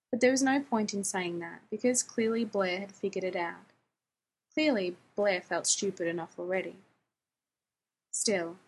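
A woman reading fan fiction aloud, narrating in an even storytelling manner. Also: mid-range voice, breathy edge. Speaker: reader.

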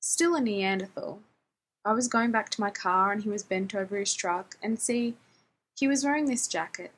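A woman voicing an embarrassed, excitable young man who rambles on with lots of "like" and "man", in a husky voice. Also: mid-range voice, normal speed, lightly acted, low-quality recording. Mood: rambling. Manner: rambling, breathless, full of "like" and "man".

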